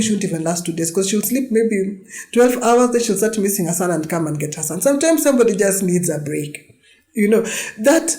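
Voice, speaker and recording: A woman's voice: on the low side, warm tone. A woman hosting a monologue-style podcast, talking earnestly and emphatically with many "you know" fillers. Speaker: podcast host. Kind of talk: reflective monologue.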